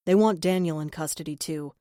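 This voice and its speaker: A woman's voice: low-pitched, a little fast, dark tone, dry recording, studio quality, natural voice. A woman reading the part of a troubled male police officer in an audiobook, heavy-hearted and subdued. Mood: worried. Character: troubled male cop, worried about his brother.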